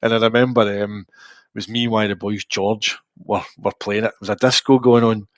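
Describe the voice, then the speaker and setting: A Glaswegian man in his forties, a podcast co-host telling lively, rambling stories in casual chat. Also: fairly low pitch, fairly quick, dry recording. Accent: Scottish, Glasgow. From Scotland. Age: 40s. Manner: lively, rambling anecdotal storytelling.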